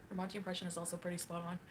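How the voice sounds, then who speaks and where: A woman's voice: lowish voice, level tone, fast, noisy background. A woman livestreaming, reading chat and ranting in a catty, mocking way with frequent laughs.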